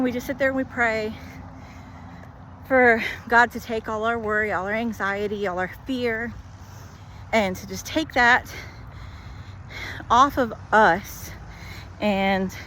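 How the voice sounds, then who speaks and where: A woman vlogging while walking, telling a story in a chatty, animated way full of "like". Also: a little high, slight background noise. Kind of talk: walk-and-talk storytelling.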